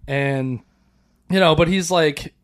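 A young man co-hosting a podcast, telling stories in a loose, profane, animated way. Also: on the high side, takes it slowly. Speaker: podcast co-host. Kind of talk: casual chat.

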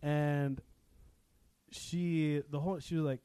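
A young man with a slightly high voice tells a story on a casual podcast. He speaks in a loose, animated way, laughs a lot, and swears freely. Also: brisk, no room sound. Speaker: podcast co-host. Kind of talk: casual chat, telling a story.

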